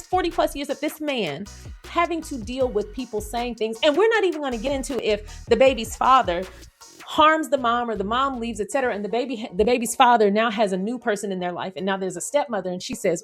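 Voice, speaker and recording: A woman hosting a casual commentary monologue, animated and sarcastic as she acts out scenarios. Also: fairly high pitch, a little fast, faint music behind. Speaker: commentary channel host.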